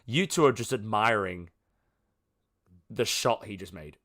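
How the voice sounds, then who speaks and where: A man's voice: on the low side, expressive, unhurried, fairly bright tone. A man narrating as game master of a tabletop game, chatty and rambling, with frequent fillers.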